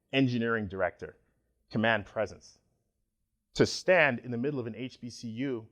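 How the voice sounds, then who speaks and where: Animated man giving a conference talk. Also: mid-range voice. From Nigeria. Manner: animated, joking with the audience. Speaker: conference speaker.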